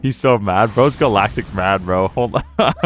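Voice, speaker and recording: A man's voice: fairly low pitch, normal speed, faint music behind. A young man streaming a game, rambling casually, laughing often and slipping into silly quoted voices. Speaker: gaming streamer. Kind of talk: casual live-stream commentary.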